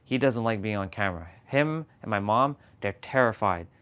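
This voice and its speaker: Candid man on a low-energy livestream. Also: expressive, moderate pace, a bit bright, clean tone. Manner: candid, emotional, rambling with restarts. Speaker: livestream host. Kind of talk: casual motivational livestream. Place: at home, downstairs. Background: tuning fork tones.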